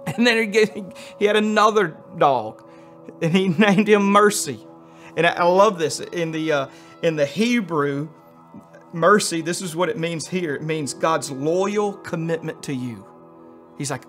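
Animated folksy preaching man, higher voice. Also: moderate pace, soft background music. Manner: swings between loud emphasis and hushed, soft passages. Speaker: pastor. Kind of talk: sermon.

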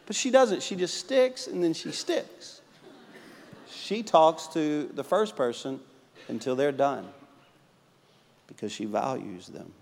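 A man who pastors a church, preaching a sermon and telling stories, swinging between emphatic and hushed delivery. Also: medium pitch, long reverb tail. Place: church sanctuary.

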